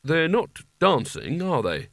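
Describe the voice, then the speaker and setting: Casting: man doing an anxious, whiny wizard, higher voice, very dry sound. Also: wildly swooping pitch, slow, gravelly, fairly bright tone, no room sound, exaggerated voice. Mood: dismayed.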